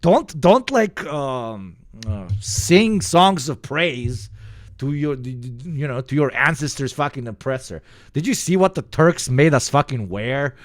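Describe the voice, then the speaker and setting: A man from the Balkans riffing through livestream commentary in a sarcastic, swearing ramble. His pitch swings widely as he talks. The sound is dry, with no room echo. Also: animated, a little slow. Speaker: streamer.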